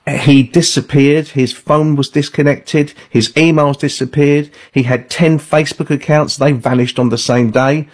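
A man's voice: fairly high pitch, fairly even intonation, unhurried, hardly any pauses. A man, an author guesting on a call-in radio show, telling stories in an earnest, anecdotal way.

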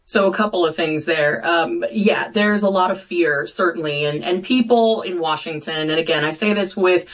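A woman's voice: lowish voice, moderate pace. A woman guest on a political talk show, a congresswoman speaking bluntly with sarcastic jabs.

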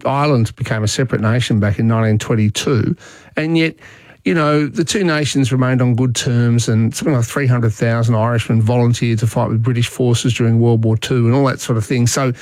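A man's voice: mid-range voice, a little mellow, no room sound. A man hosting a talkback radio show, taking callers and talking with frequent restarts. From Australia. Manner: halting, many restarts.

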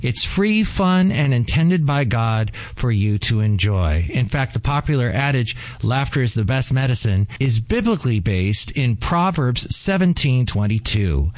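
A male radio announcer reading a station announcement in a friendly, measured way. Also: medium pitch, very animated, no room sound.

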